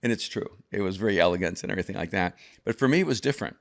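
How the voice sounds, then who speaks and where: Brief: older male guest, low voice, thoughtful storyteller who restarts his sentences. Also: animated, racing, creaky. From El Salvador. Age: over 50. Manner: reflective, frequent restarts and repeated words. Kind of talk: conversational storytelling.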